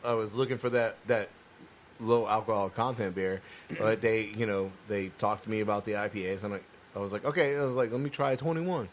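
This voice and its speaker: A man's voice: on the low side, steady tone, brisk, a little hiss or hum. A man co-hosting a casual beer-tasting podcast, swearing freely as he tells a rambling story. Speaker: podcast co-host.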